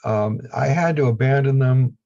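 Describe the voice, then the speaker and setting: A man's voice: medium pitch, normal speed, vocal fry, dark tone. A man with a Down East Maine accent, a guest on a video call interview, talking in a rambling, blunt way with dry humor. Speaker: guest, lapidary equipment maker. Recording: dull lo-fi video call audio.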